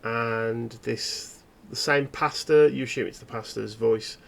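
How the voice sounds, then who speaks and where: A man running a tabletop horror game as its game master. He tells the scene in halting, descriptive storytelling, with a gravelly rasp in his voice at a middling pitch.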